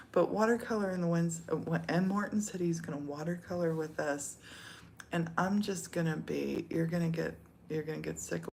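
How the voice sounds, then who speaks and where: A woman's voice: lowish voice, normal speed, vocal fry, a little mellow, a little hiss or hum. A middle-aged woman from the United States chatting casually, laughing often and slipping into whispers. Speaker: vlogger. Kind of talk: casual chat.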